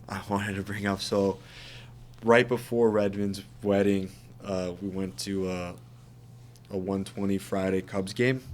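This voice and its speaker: A man's voice: on the low side, a little hiss or hum. A man co-hosting a podcast, telling a story in casual chat, laughing and swearing and acting out what people said. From United States. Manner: laughing, swearing, acts out quotes. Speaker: podcast co-host.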